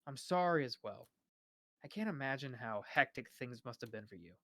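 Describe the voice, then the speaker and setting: A man's voice: fairly high pitch, a bit bright, dry recording, clean studio sound. A young man reading a novel aloud on a live stream, often stumbling over names and restarting words.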